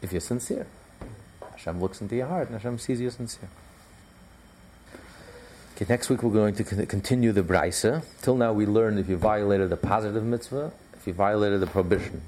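A man's voice: on the low side, a little fast, dark tone. A man teaching a religious class in an emphatic, repetitive, conversational way, with many fillers.

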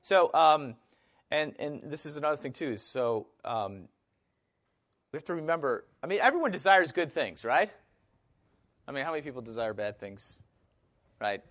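A man's voice: a little high, lively intonation, normal speed, long pauses, a bit bright. A man with a Wisconsin accent teaching a Bible study class, speaking conversationally with fillers and questions to the group.

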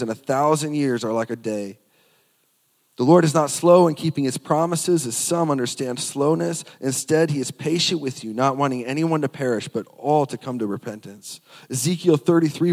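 A man's voice: mid-range voice, a little mellow, in a large hall. A man preaching a sermon, reading scripture aloud and repeating phrases for emphasis.

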